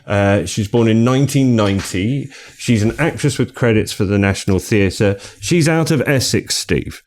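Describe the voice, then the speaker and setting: Middle-aged man hosting a book podcast, kinda low voice, chatty, laughs a lot. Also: animated, moderate pace. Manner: chatty, laughs often, rambling asides. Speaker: podcast co-host. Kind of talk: casual chat.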